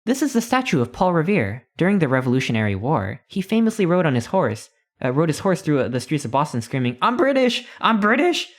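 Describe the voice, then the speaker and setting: A man's voice: a little high, sing-song, fast talker, few pauses. A man voicing a pompous old tour guide in colonial dress, read from a text adventure. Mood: proud lecturing. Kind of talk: reading a text adventure aloud.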